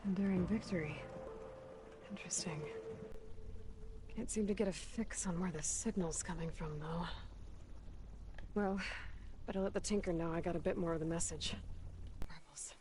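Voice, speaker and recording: An actress voicing a resolute young woman hunter in a video game, speaking in a low-key, terse manner. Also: normal speed, pauses often, natural voice. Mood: calm, focused. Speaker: game protagonist. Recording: game audio with clear background noise.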